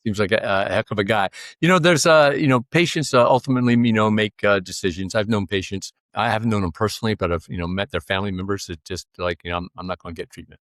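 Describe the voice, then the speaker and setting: Low-voiced, determined man, dry close sound. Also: fast talker, hardly any pauses, fairly bright tone, dry recording. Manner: reflective and determined, heavy use of "you know". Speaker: podcast guest, author. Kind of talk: casual interview conversation.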